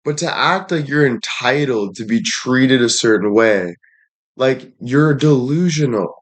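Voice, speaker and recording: A man's voice: mid-range voice, expressive, a little slow. A man livestreaming and addressing his chat in a heated rant, frustrated, swearing often and repeating himself.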